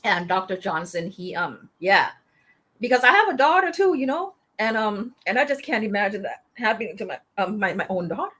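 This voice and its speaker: A woman guest, a military veteran and author, telling a story in an interview with passion, halting often and restarting her sentences. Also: medium pitch, very animated, fairly bright tone, breathy edge. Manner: impassioned, halting, many fillers and restarts.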